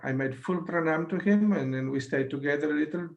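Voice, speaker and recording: An Italian-accented man from Italy in his sixties, a native Italian speaker, tells a personal story as a satsang guest on a video call. His fairly high, gravelly voice comes out haltingly, with lots of fillers and restarts.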